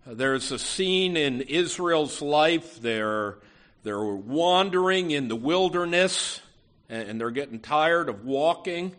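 A man's voice: fairly high pitch, a bit bright. A man preaching a sermon as pastor, earnest and emphatic, with frequent "you know" asides and repeated words.

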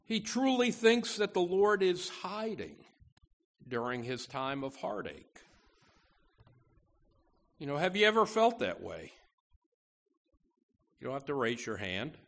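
A man's voice: fairly high pitch, big pitch swings, slow, vocal fry, long pauses, fairly bright tone. A man preaching a sermon to his church, earnest and emphatic, often restarting phrases as he goes. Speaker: pastor.

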